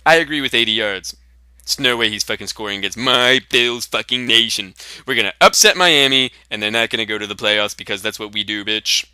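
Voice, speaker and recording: A man's voice: on the low side, a little fast, pushed and bright, clean tone, dry recording, studio quality. Brash, swearing young man. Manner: brash, boastful, swearing constantly. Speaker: comedy sketch host. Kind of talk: profane comedic trash talk.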